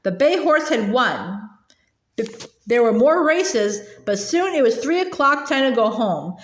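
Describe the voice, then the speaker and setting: Lively, high-voiced woman reading a storybook aloud. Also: unhurried, roomy sound. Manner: hesitant, with many filler sounds and stumbles. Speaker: storybook reader. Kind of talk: reading a children's novel aloud.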